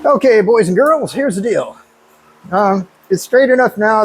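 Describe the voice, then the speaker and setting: A man casually talking through his truck build in a workshop, relaxed and thinking aloud as he works. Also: high-pitched, unhurried, husky. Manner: relaxed and hands-on, thinking aloud while working. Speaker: car builder and channel host. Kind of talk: casual shop talk explaining a build.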